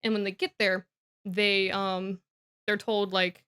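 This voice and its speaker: A young woman on a podcast, casually retelling a book plot with laughs and quick character voices. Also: medium pitch, flat delivery, sharp tone, smooth. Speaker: podcast co-host.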